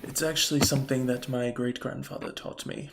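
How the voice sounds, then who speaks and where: A man voicing a polite young woman bard who talks in a courteous, measured way. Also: mid-range voice, fairly even intonation, vocal fry, very noisy, close to an everyday voice.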